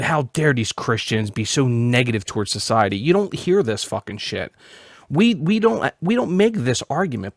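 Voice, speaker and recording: A man hosts a casual podcast and rants with heat and plenty of swearing. His voice sits at a middle pitch. The sound is dry, with no room around it. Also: no echo. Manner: profane, heated, animated ranting. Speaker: podcast host. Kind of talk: casual ranting commentary.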